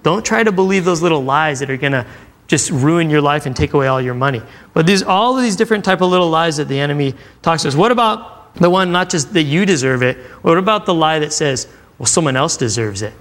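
A youth pastor gives a sermon in a loose, chatty way, turning to the room with questions. His voice sits a touch higher than most men's. He slips into quoted voices as he goes. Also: expressive, fast, fairly bright tone. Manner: conversational, acting out quotes, asks the crowd questions. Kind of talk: sermon to a live audience. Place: church room with audience.

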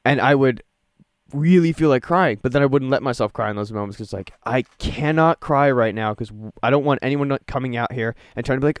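A young man chatting casually on a podcast, animated, and acting out his own reactions in a raised voice. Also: mid-range voice, a little fast, smooth, dry recording, clean studio sound.

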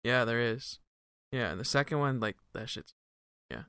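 A man with a bright, crisp voice chats about a show. He reacts with enthusiastic, slangy remarks. The recording is dry and close. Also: medium pitch, moderate pace, no room sound. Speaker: podcast co-host. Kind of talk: casual chat.

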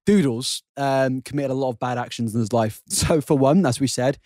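A man's voice: medium pitch, moderate pace, a little mellow, no echo, studio quality. A young man co-hosting a comedy podcast, telling crude stories full of swearing and cackling. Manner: rowdy, swearing, cackling storyteller. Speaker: podcast co-host.

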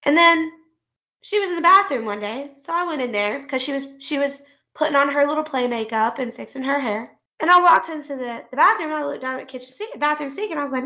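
High bright-voiced mom ranting. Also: female voice, fast. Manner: animated storytelling, swears freely. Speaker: podcast co-host; mother. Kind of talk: casual ranting chat.

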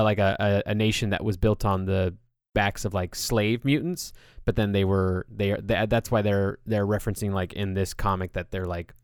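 A man's voice: fairly low pitch, clear, resonant tone, no echo, studio quality. A man hosting a podcast, chatting casually and loosely with lots of filler words. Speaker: podcast host.

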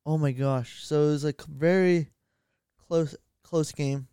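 A young man co-hosting a podcast, chatting about sports in a rambling, excitable way and correcting himself as he goes. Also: a little high, a little slow, clear, resonant tone, no echo. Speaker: podcast co-host. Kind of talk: casual sports chat. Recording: dry.

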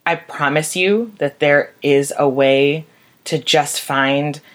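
A woman's voice: low-pitched, steady tone, slow pace. A young woman speaking candidly and emotionally about grief, swearing freely in a raw personal monologue. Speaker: vlogger.

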